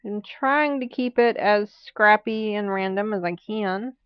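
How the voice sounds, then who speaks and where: A woman's voice: mid-range voice, a little slow, clean tone, dry recording, highs cut off. A woman hosting a live quilting stream, chatting casually and rambling while she sews, laughing often. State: has the hiccups. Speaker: quilting channel host. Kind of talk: casual chat during a live sewing stream.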